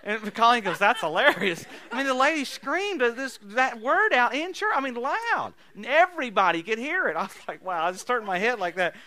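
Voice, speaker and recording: Bright, high-voiced animated preacher man. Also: fairly quick, hardly any pauses. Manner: animated storytelling, laughing, bursts of loud emphasis. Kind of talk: sermon with healing testimonies.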